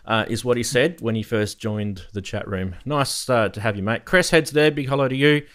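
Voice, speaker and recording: A man's voice: medium pitch, normal speed, few pauses, fairly bright tone, clean tone. Chatty male live-stream host. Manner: chatty and jokey, laughs often, with fillers. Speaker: host of a live synthesizer show. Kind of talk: casual live-stream chat, greeting viewers.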